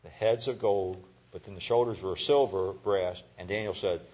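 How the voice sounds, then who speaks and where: This Bible teacher speaks low and fairly evenly at a normal pace, his voice carrying a breathy edge. He tells the story in a folksy, chatty way and asks his class questions, captured on a dull lo-fi recording.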